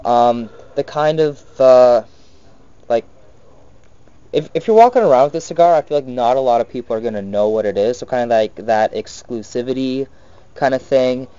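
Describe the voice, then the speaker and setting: A man's voice: medium pitch, normal speed, mellow, smooth, dry recording. A young man co-hosting a casual cigar review, talking loosely with many fillers. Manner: loose, filler-heavy speech. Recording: dull lo-fi sound.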